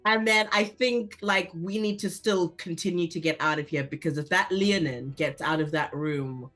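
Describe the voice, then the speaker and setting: A woman's voice: on the low side, moderate pace, a bit bright. A woman playing in a tabletop game, talking casually and decisively as she plans her moves. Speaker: player.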